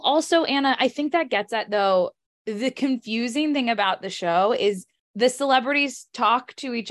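Young woman, podcast co-host, casual lively chat, jokey asides, mid pitch. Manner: lively, jokey, runs through lists with asides.

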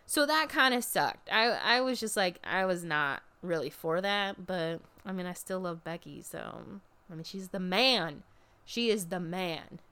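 A young woman chats casually while recapping a wrestling event, speaking in a lively, smooth way at a measured pace. Whenever she quotes people, she slips into high, mocking voices.

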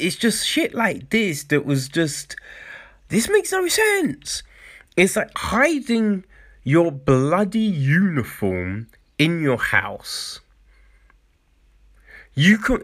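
A man's voice: fairly high pitch, a bit bright. A man reviewing a TV show in a casual rant, exasperated and profane, often repeating himself for emphasis.

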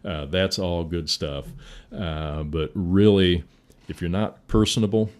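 A middle-aged man with a very deep, low-pitched voice talks casually as a veteran firefighter. He spins folksy stories, laughing along and acting out what others said. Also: slow, darkish tone. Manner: folksy, laughs through stories, acts out quotes. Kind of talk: casual storytelling interview.

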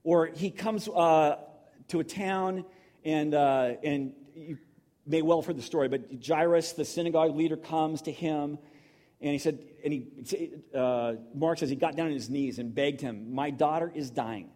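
A man's voice: fairly high pitch, a little slow, mellow. A middle-aged man preaching in a conversational, emotional storytelling manner, full of restarts. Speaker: pastor. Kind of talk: sermon.

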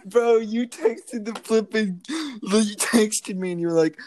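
A man's voice: sits high, lively intonation, slow, crowd noise. A man co-hosting a casual comedy podcast, teasing and laughing as he reacts to a story. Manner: teasing, laughing, says bro a lot. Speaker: podcast co-host.

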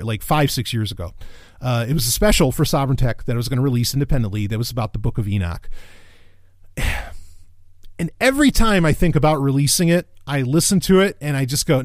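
A man talking through a casual review monologue in a mid-pitched voice. He is excitable and profane and rambles with frequent restarts. The sound is dry and close, with almost no room echo.

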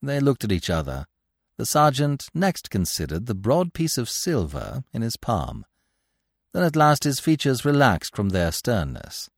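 A man narrating a classic novel in a measured, expressive reading. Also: medium pitch, gravelly, no room sound, studio quality. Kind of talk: scripted audiobook narration.

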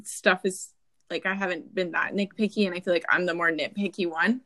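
A woman's voice: fairly low pitch, fairly even intonation, fairly quick, pushed and bright. A woman in her twenties in casual chat, swearing freely and acting out quoted voices. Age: 20s.

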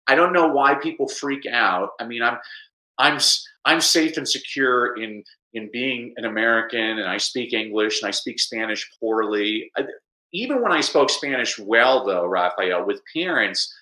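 A middle-aged man, an educator, talking animatedly in an interview and explaining with lively examples. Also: moderate pace, roomy sound, rough recording. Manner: animated, explanatory, mimics Spanish with exaggerated pitch. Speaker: educator guest. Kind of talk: conversational interview.

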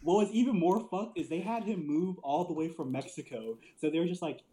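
A man's voice: a little high, a little fast, mellow, poor audio. A man telling wrestling stories in casual chat, loose and profane, laughing often and filling with "like". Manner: loose storyteller, swears a lot, laughs often, many "like" fillers. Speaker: podcast co-host.

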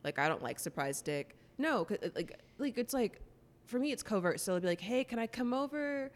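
A woman's voice: lowish voice, sing-song, fairly quick, in a large hall. A young woman in casual chat, frank, outspoken and emphatic.

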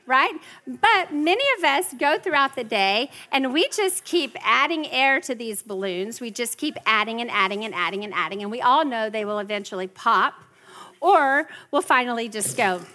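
A woman's voice: fairly high pitch, animated, normal speed, pushed and bright. A middle-aged woman teaching a parenting class in a chatty way, often checking in with her listeners. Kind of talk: workshop teaching to a live group.

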